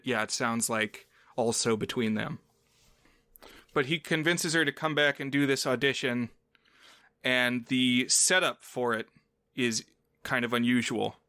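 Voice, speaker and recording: A man's voice: mid-range voice, bright, forceful tone, no room sound. A man co-hosting a film podcast, chatting casually and explaining at length with playful asides. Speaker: podcast co-host.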